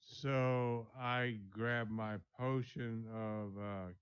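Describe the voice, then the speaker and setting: A man's voice: medium pitch, fairly even intonation, drawn-out words, smooth, highs cut off. A man playing a tabletop game, hesitantly declaring his character's actions. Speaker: player.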